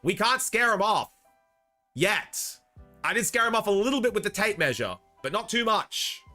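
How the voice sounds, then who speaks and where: A man's voice: high-pitched, big pitch swings, moderate pace, bright, forceful tone, soft background music. A young Australian man with an Australian accent, chatting casually on a livestream, rambling and reading out chat messages. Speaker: streamer.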